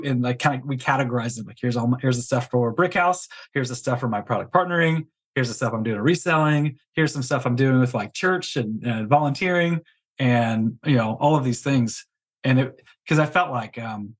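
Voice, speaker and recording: Guest, male, mid-pitched husky voice, relaxed, rambling first-person account. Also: a little fast, poor audio. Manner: candid storytelling with many fillers. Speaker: guest, business coach. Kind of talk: casual interview chat.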